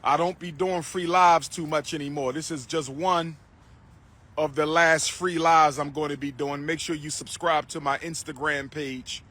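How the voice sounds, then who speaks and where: A man livestreaming outdoors into a phone, loud and declaiming, repeating his phrases. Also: fairly high pitch, fairly even intonation, normal speed. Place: outdoors on a street.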